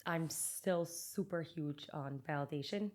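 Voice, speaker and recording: A woman's voice: low-pitched, unhurried. Chatty woman parenting coach. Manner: animated, chatty, many fillers like "like" and "you know". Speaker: parenting coach and behavioral therapist. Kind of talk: casual interview chat.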